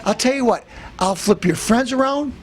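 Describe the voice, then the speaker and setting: A man hosting a comedy show, ranting in a boastful tough-guy manner, threatening to beat everyone up and breaking into shouts. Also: very high-pitched, normal speed, a little hiss or hum. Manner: bursts into shouting. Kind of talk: comic tough-guy rant.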